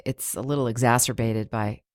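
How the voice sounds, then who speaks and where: A woman hosting a casual interview podcast. Her voice sits low, and she talks in a reflective, rambling way, full of small fillers. The recording is dry, with no room sound. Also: fairly even intonation, fairly quick, a little mellow, no room sound. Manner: thoughtful, many "you know" fillers. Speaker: podcast host.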